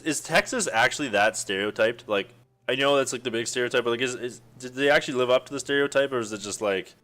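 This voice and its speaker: A man's voice: lowish voice, a bit bright. A man with a Western Canadian accent chatting casually to stream viewers, rambling with lots of fillers and frequent chuckles. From Alberta, Canada.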